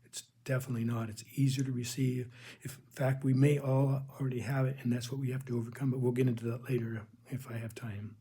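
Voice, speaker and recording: Guy rambling thru his faith testimony, warm mellow husky voice, keeps saying folks. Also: medium pitch, flat delivery, fast talker. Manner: rambling and earnest, addresses listeners as folks. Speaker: religious channel host. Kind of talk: personal faith testimony storytelling.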